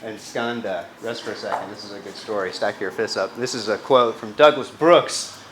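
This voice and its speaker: A man's voice: fairly low pitch, moderate pace. A man teaching a live yoga class, giving cues in a casual, loose way and swearing freely. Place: yoga studio. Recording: echoey studio, faint ambient noise.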